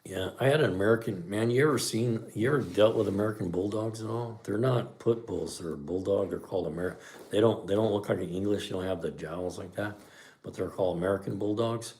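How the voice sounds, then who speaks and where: A man's voice: lowish voice, brisk, darkish tone. A middle-aged man hosting a podcast livestream, chatting casually and reading live comments in a laid-back way.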